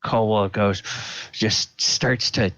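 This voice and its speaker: Slow, halting male game master. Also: fairly low pitch, steady tone, fairly bright tone, no room sound, low-quality recording. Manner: hesitant, full of ums and restarts. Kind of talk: narrating a tabletop game.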